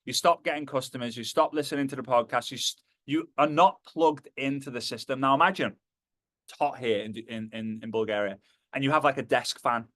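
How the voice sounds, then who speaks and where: A man giving a motivational talk to a live audience, animated and jokey, slipping into acted voices. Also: medium pitch, fairly quick, no echo. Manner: animated, acts out quoted voices, jokey asides. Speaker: motivational speaker.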